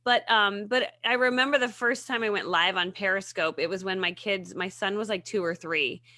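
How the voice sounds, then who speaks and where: Bright, animated woman telling stories. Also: medium pitch, normal speed, no room sound. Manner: animated storyteller, laughs often. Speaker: guest, video marketing coach. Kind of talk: casual chat.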